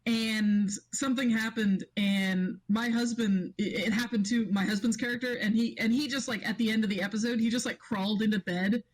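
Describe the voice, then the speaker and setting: A woman's voice: on the high side, fairly even intonation, moderate pace, hardly any pauses, rough recording. A woman guest on a casual podcast chat, a game master who rambles through her stories with many restarts and laughs.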